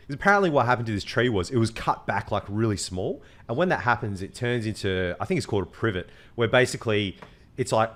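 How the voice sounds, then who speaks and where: A man's voice: fairly low pitch, quick pace, fairly bright tone. A man hosting a podcast, telling a story in casual chat, swearing and mimicking voices. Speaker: podcast host.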